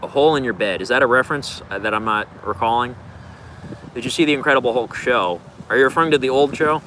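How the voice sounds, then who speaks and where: A man's voice: mid-range voice, fast talker, bright, forceful tone, slight background noise, poor audio. A man casually answering viewer questions on a livestream, rambling in a laid-back way with plenty of filler words.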